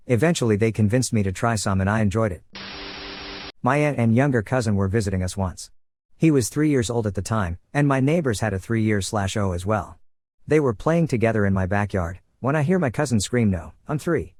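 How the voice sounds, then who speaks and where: A man narrating forum posts aloud in an even, steady reading voice. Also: fairly low pitch, no room sound.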